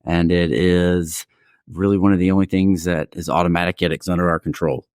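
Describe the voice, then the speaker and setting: A man being interviewed as a breathwork coach, explaining in a calm and measured way. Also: low voice, no room sound, clean studio sound. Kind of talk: interview answers.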